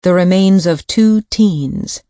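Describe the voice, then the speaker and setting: A woman narrating a thriller audiobook in a measured, suspenseful reading. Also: fairly low pitch, dark tone, dry recording, studio quality.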